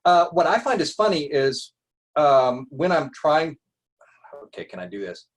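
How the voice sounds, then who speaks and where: Husky-voiced eager man chatting. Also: on the high side, big pitch swings, measured pace. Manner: eager, chatty, laughs often. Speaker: larp player. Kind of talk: casual video call chat.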